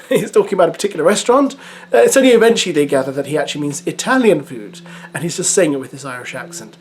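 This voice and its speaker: A man's voice: fairly high pitch, expressive, fast, slight background noise. A man hosting a vlog, chatting to his viewers and calling them guys. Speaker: video host. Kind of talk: vlog commentary.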